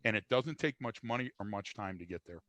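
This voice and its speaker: A man's voice: fairly low pitch, lively intonation, fairly quick, fairly bright tone, no room sound. An older man from the United States, a guest in an interview, talking bluntly and emphatically with frequent restarts and fillers. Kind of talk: conversational interview.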